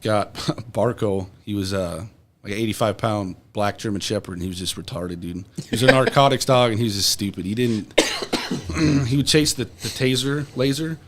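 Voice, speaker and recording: A young man with a fairly low voice tells stories in a loose, rambling way, swearing freely as he drifts on and off the point. He is a podcast guest in casual conversation, talking easily with the host. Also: moderate pace, slight background noise. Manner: profane, rambling anecdotes. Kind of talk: casual storytelling.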